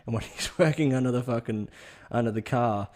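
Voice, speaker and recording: A man's voice: mid-range voice, a little fast, a little mellow. Sweary, rambling man. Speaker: podcast host. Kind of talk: comedic rambling monologue.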